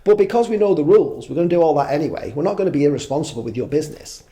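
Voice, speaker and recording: A man's voice: on the high side, animated, racing, warm tone. A man in his fifties, a podcast guest, chatting casually in a rambling way, swearing freely and making fun of himself. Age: 50s. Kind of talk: casual conversation.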